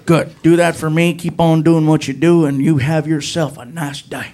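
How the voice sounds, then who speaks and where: A man playing an amused, easygoing veteran traffic cop, talking slow and fatherly. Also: fairly high pitch, fairly even intonation, dark tone, a faint crowd, voice pushed down, natural voice. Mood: calm. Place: comedy stage. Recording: live audience laughter.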